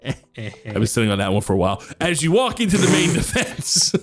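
A man's voice: medium pitch, huge pitch swings, moderate pace, faint music behind. A man narrating a tabletop role-playing game as dungeon master, chatty and loose with many fillers.

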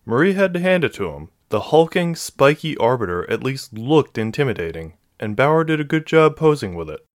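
A man narrating a science-fiction novel in a steady, measured reading. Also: mid-range voice, no room sound. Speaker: audiobook narrator. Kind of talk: scripted narration.

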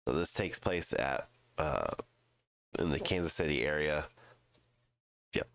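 A congested man, hosting a true crime show and reading a news article aloud, halting with fillers and restarts. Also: extremely low pitch, fairly bright tone, no echo. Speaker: true crime podcast host.

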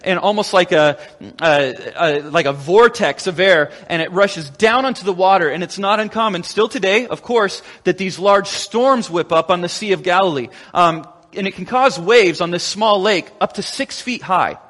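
High-voiced preacher in an echoing hall. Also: male voice, normal speed, few pauses. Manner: animated storyteller who acts out quotes. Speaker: pastor. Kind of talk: sermon. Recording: long echoing reverb.

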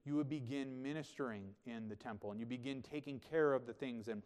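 A man's voice: medium pitch, a little fast, clean tone. A pastor delivering a sermon, a man with a mid-range voice who talks through the passage plainly and then swells into emphatic, raised emphasis. His words ring out with a long reverb, as if filling a church sanctuary. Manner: conversational, emphatic preaching that swells to loud peaks. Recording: reverberant hall.

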